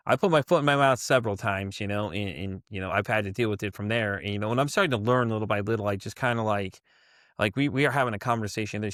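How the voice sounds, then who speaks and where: A man's voice: lowish voice, a bit bright, dry recording, clean studio sound. A man hosting a podcast, telling personal stories in a chatty, rambling way. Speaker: podcast host. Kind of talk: casual interview chat.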